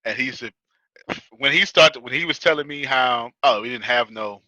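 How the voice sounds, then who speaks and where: A man's voice: mid-range voice, moderate pace, sharp tone, dry recording, poor audio. An American man with a Texas accent, teaching a class in a folksy, joking, colloquial way. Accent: Texas, Houston area. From United States. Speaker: business coach teaching a class. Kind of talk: casual teaching talk to a live audience.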